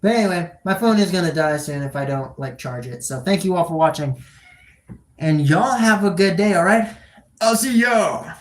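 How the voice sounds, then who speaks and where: Casual streamer: woman, low-pitched, loose and rambling delivery, echoey room on a phone mic. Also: animated, normal speed. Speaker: livestreamer. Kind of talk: casual livestream chat.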